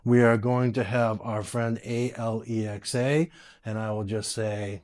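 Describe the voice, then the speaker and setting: A man hosting a casual tech video, chatty and quick to laugh, giving voice commands to smart speakers at home. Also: fairly low pitch, level tone, darkish tone. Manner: chatty, laughs often, restarts phrases.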